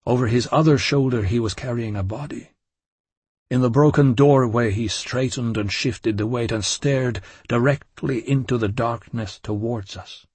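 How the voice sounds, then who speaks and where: A man reads a dark first-person story in a measured, intense audiobook narration. His voice sits at a middle pitch with a husky, breathy edge. The sound is dry and close, with no room around it. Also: no echo.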